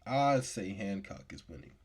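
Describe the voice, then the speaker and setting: A man co-hosting a podcast in casual chat, animated and slangy in his banter. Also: fairly low pitch, normal speed, slightly rough. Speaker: podcast co-host.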